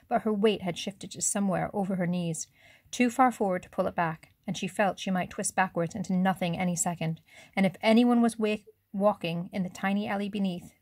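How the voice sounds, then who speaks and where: Female audiobook narrator, measured storytelling, dry close sound. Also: medium pitch, no echo. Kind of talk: scripted narration.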